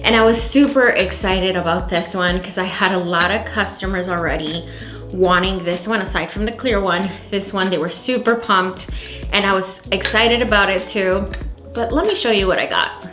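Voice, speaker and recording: A woman candle maker telling a story in a casual, animated, exasperated way, acting out the dialogue. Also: mid-range voice, moderate pace. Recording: echoey room, faint music.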